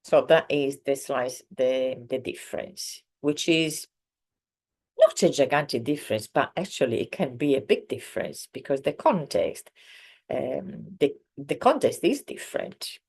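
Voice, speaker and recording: Woman, language teacher, unhurried, hesitant, self-correcting. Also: extremely low pitch, animated, vocal fry, a little mellow, slightly rough. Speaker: Italian teacher. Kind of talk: slow explanatory grammar lesson.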